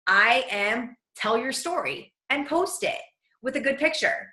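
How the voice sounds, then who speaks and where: A woman hosting a motivational team coaching call, gushing and energetic in casual chat. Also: sits high, normal speed, echoey room, low-quality recording.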